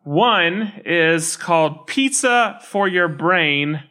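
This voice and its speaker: A man's voice: on the high side, animated, very slow, sharp tone. A man co-hosting a podcast, reading listener reviews aloud in casual, playful banter and laughing easily.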